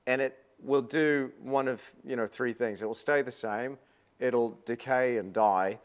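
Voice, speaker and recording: A man's voice: medium pitch, a little slow, smooth. A man hosting a casual painting livestream, chatty and upbeat, often repeating words, with a self-deprecating manner.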